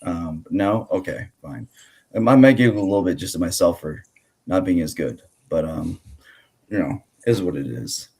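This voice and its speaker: A man's voice: low voice, expressive, moderate pace, a little mellow, slightly rough. A man hosting a casual grappling podcast, rambling with many fillers and restarts. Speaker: podcast host.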